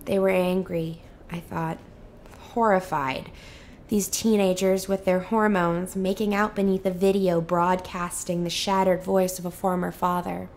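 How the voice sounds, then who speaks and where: A young woman giving a soft, measured and intimate reading of a novel as scripted narration. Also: lowish voice, level tone, slight background noise. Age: young adult. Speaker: student reader.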